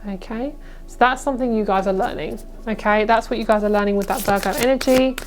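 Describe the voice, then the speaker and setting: A woman's voice: a little high, steady tone, fast talker, faint music behind. Chatty woman doing a tarot reading. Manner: chatty, reassuring, many fillers. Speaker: tarot reader.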